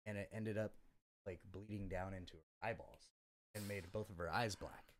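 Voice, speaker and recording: A man's voice: fairly low pitch, fairly even intonation, moderate pace, dry recording. A young man in casual podcast conversation, telling his story bluntly with lots of profanity and fillers. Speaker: podcast guest.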